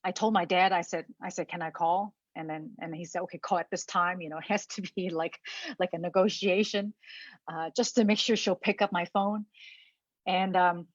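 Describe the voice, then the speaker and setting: A woman giving a personal talk, halting and repeating words, holding back tears. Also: lowish voice, steady tone, dry recording, lo-fi sound. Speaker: speaker.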